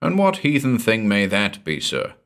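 A grave old manservant, devout and steady to the bone, speaking in a deep, low voice, as a male narrator reads him. His words come plain and formal, like a servant who has seen a lot and keeps it to himself. It is a storybook reading. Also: normal speed, heavily acted. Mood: wary.

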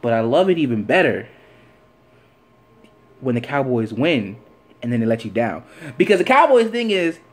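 A sports vlogger delivers an animated, opinionated commentary rant in a mid-range voice at normal speed, pausing often. He fires off rhetorical questions and repeats phrases for emphasis.

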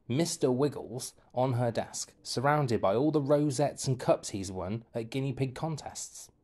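A male teacher narrates a children's book with a mid-pitched voice, reading in a lively, playful way. He leans into the comic lines and shifts his delivery for each quoted voice, keeping a friendly storytelling flow.

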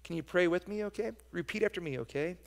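A man leading a children's message in church, speaking gently and coaxingly, and singing a simple song slowly with hand motions. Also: high voice, creaky. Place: church sanctuary. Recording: long church reverb.

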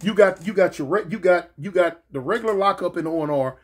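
Animated man telling a story with sound effects. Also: fairly quick, husky. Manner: animated and slangy, mimics sounds and jumps in pitch for effect. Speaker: storyteller recounting his prison days. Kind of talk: casual storytelling.

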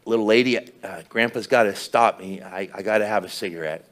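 A man puts on a grumpy old grandfather, gruff and weary, speaking a little low and quiet. The voice stays close to the storyteller's own. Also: brisk, lightly acted.

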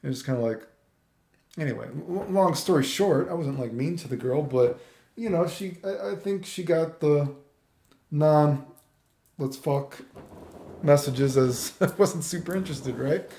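A man's voice: on the high side, moderate pace, vocal fry, dark tone. A man ranting casually in a vlog, swearing a lot and repeating "dude". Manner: profane, repetitive, says "dude" constantly. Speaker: vlogger. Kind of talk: casual rant. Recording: roomy echo.

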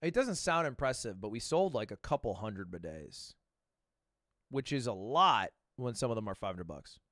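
An animated man chatting on a live stream with crude jokes and frequent laughs. His pitch swings widely, landing mid-range on average. The sound is close and dry, with no room echo. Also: moderate pace. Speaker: streamer reacting to a video. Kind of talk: casual live-stream chat.

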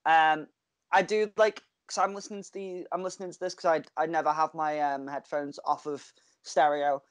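A man's voice: on the high side, fairly even intonation, moderate pace, smooth, no room sound. A man co-hosting a podcast, chatting casually over a video call and telling stories with frequent laughter. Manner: chatty storyteller, laughs often. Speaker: podcast co-host. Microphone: video call mic.

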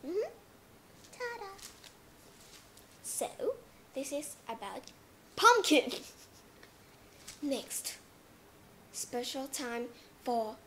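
An English teacher with a fairly high voice gives a playful lesson in simple English for learners, acting out little scenes with sound effects. There's noise in the background.

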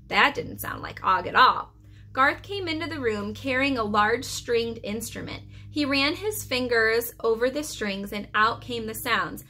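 Bright-voiced woman reading a storybook. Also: a little high, a little slow. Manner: expressive storytelling with occasional stumbles. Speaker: preschool teacher. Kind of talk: reading a children's chapter book aloud.

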